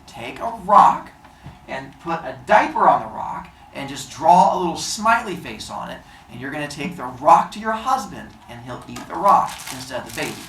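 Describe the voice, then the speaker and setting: A woman voicing an old earth goddess grandmother giving calm, conspiratorial advice, in an echoey room from a distant mic. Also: low voice, normal speed, slight background noise, heavily acted. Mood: scheming.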